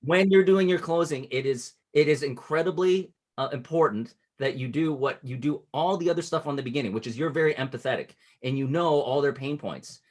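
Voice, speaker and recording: A man coaching a client on closing sales, explaining patiently and acting out sample pitches at different speeds. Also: fairly quick, few pauses. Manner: instructive, shifts cadence to demonstrate pitches. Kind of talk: casual coaching call.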